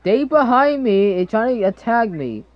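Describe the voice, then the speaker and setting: Slow, jumpy young woman gamer. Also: on the high side, sing-song, dry recording, dull audio. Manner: jumpy, swears and screams at scares. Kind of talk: horror game commentary.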